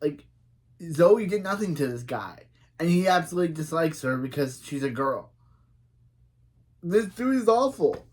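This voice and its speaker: A man hosting a reaction video who recaps a TV episode in an animated, indignant way. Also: on the high side, normal speed. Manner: indignant, animated, retells dialogue.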